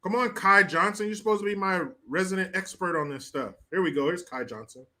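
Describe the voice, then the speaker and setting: A man's voice: sits high, brisk, pushed and bright. An American man hosting a casual live stream, reading chat comments, joking and laughing often. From United States. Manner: laughs often, playful, crude banter. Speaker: livestream host.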